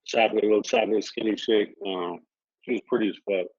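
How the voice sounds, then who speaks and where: Man, fairly low voice, laid-back profane storytelling, dry slightly dull audio. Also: fairly even intonation, fast talker, no room sound. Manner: laid-back, profane street slang, acts out quoted dialogue. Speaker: podcast guest. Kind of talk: casual storytelling interview.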